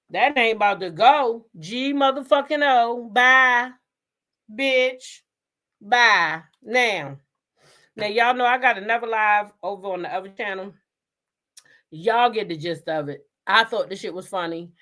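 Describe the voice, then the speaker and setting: Speaking slowly in a slightly high, fairly bright voice, this gossip show host gives casual live-stream commentary. She's blunt and profane and laughs a lot.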